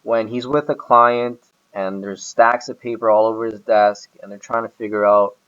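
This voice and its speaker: A man's voice: fairly low pitch, fairly even intonation, normal speed, fairly bright tone, clean tone, highs cut off. A man talking casually about his boss, rambling with many hesitations and restarts. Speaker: employee describing his boss. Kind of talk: casual recorded conversation.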